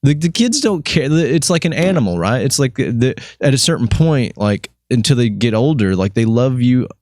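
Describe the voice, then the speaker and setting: A man's voice: mid-range voice, big pitch swings, normal speed, a little mellow, a little hiss or hum. A man hosting a casual podcast, rambling and joking, often slipping into mock voices for people he quotes. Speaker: podcast host.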